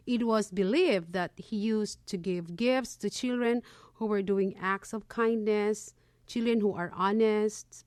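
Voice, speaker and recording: A woman's voice: mid-range voice, no echo, clean studio sound. A woman from the Philippines co-hosting a community radio show, reading a prepared segment and listing items one by one. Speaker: radio co-host.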